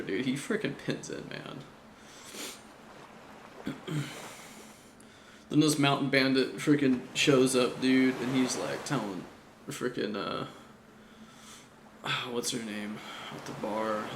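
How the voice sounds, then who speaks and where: A man's voice: medium pitch, lively intonation, takes it slowly, gravelly, long pauses. A man recapping an anime chapter in a casual, slangy, profane chat, laughing often. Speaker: anime reviewer. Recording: echoey room with faint hum.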